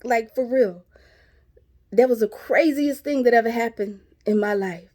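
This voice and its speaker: A woman's voice: a little high, measured pace, mellow. A woman, casually telling her viewers a story, chatty and laughing as she talks. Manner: chatty, laughing, addresses viewers as y'all and sis. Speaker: vlogger.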